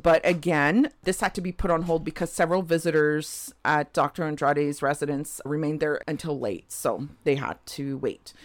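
A woman's voice: sits low, dry recording. A woman co-hosting a podcast, telling a true crime case in a casual way with frequent laughs and chatty asides. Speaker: podcast co-host.

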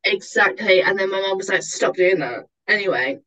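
A woman co-hosting a chatty podcast, telling an anecdote with lots of swearing and animated quoted voices. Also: medium pitch, normal speed, far from the mic, rough recording. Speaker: podcast co-host. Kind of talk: casual chat.

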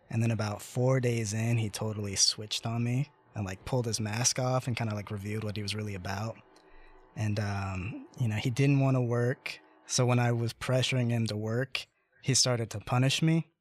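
A young man in his twenties hosting a casual chat, telling a story with lots of fillers and animated pacing. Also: fairly low pitch, moderate pace, dry recording.

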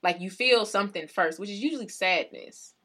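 A young adult woman co-hosting a podcast, arguing in casual chat with an animated, insistent manner and frequent laughs. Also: medium pitch, fairly quick. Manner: animated, argumentative, laughs often. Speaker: podcast co-host.

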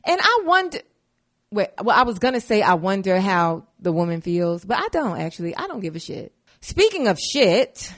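A woman's voice: mid-range voice, normal speed. Chatty young woman podcaster, casual. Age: 20s. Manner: chatty and animated, swearing freely, drifting between topics. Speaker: podcast host. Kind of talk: casual monologue.

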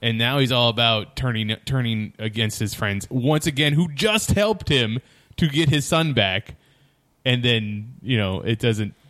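A man chatting casually about comics in a measured, conversational way. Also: mid-range voice, fairly bright tone.

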